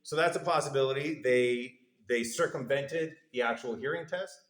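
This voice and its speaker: A university lecturer with a middle-pitched voice teaches a class at normal speed in an echoey room. His step-by-step explanations carry a playful streak, and when quoting the test subjects' answers he lets his voice go low and soft.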